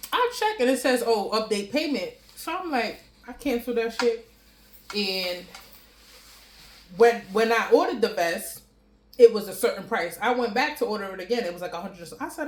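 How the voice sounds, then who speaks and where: A woman vlogger telling a story to camera in a blunt, profane, animated way, chewing and laughing between lines. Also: medium pitch, normal speed, pauses often. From New York City.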